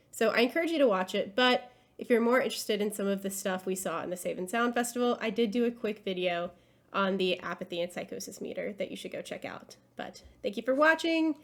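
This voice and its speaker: A young woman hosting a video essay, talking in an earnest, enthusiastic way while sick, with a nasal, congested voice. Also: medium pitch. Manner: earnest, enthusiastic, with occasional fillers. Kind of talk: scripted video essay commentary.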